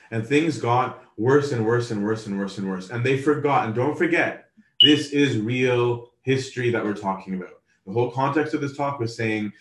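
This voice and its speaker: A man preaching a sermon in a casual, conversational way. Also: mid-range voice. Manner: casual, conversational, acts out quoted voices. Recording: roomy, from a distance.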